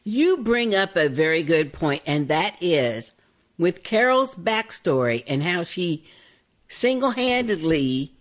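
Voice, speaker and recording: Animated chatty woman co-host. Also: fairly low pitch. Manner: chatty, quick to laugh along. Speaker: podcast co-host. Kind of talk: casual chat.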